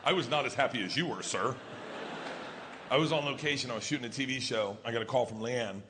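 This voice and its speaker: A middle-aged man doing stand-up storytelling, loud and profane, acting out the quotes in his story. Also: mid-range voice, fast talker, very noisy. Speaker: stand-up comedian. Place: comedy stage. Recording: live venue, long reverb, faint ambience.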